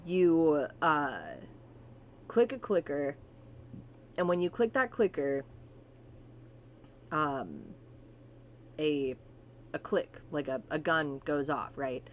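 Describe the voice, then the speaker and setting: A woman co-hosting a podcast, telling wild stories in a casual, animated way, swearing freely and sometimes reading aloud. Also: low voice, slow pace, long pauses, a little hiss or hum. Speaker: podcast co-host. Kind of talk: casual storytelling chat with profanity.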